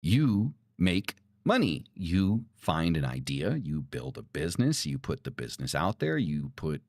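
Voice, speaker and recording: A man's voice: very deep voice, sing-song, a little slow, darkish tone, no room sound, clean studio sound. A male podcast host in a casual monologue, ranting and swearing, with lots of "right?" and "like" fillers. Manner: profane, ranting, heated.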